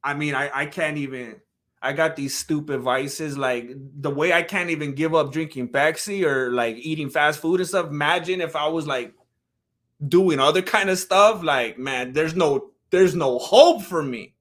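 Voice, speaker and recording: Male streamer, slightly high, bright tone, talks straight to chat. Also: normal speed. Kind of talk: casual live-stream chat.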